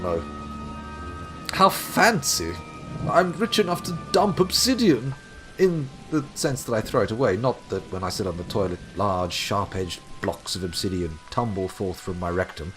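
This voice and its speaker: A man's voice: lowish voice, very animated, normal speed, soft background music. A man from the UK streaming a game live, commenting with dry, sarcastic, jokey asides. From United Kingdom. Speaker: gaming streamer.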